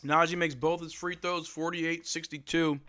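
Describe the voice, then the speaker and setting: A man's voice: on the high side, flat delivery, normal speed, pushed and bright. A young man hosting a live fan watch-along, calling the plays and chatting emotionally with his viewers. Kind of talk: live play-by-play fan commentary.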